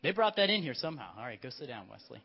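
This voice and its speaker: A male pastor preaching a sermon, telling the story in a lively way and directing children in a skit. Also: medium pitch, racing, creaky, husky. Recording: dull lo-fi church recording.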